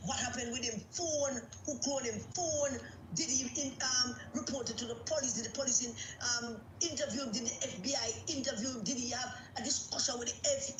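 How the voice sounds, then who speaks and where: A woman's voice: a little high, a bit bright, roomy sound, a little hiss or hum, low-quality recording. A woman with a Jamaican accent delivering an angry, emphatic political rant, repeating herself for force. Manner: agitated, emphatic, repetitive. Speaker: political commentator.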